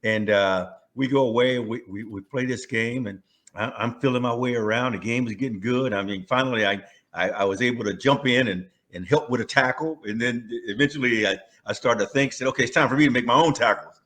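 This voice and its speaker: A man in his sixties from California, a former pro football player, telling stories in a casual interview. His delivery is animated, with frequent restarts and chuckles. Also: medium pitch, a little fast.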